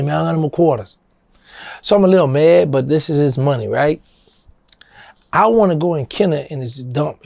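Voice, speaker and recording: In a dry, close recording, a middle-aged man with a New Orleans accent, a guest on an interview, casually tells a story in a husky, gravelly voice. He brings the dialogue to life, pitching his voice higher to act out what people said.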